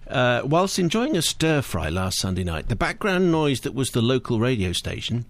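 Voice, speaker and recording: A man's voice: mid-range voice, very animated, normal speed, hardly any pauses, no echo. A man presenting a radio show, reading listener letters aloud in a dry, teasing manner.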